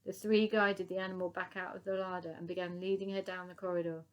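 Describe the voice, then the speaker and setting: A woman reading a children's book aloud in a lively, expressive way, chapter by chapter. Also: on the low side, fast talker. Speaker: storybook reader.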